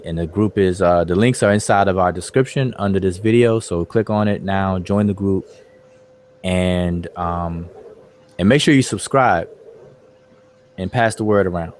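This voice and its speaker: Very deep-voiced man hosting a discussion. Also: darkish tone, slight background noise. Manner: loose, repeats words, many fillers. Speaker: host of an online study group. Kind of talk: casual discussion.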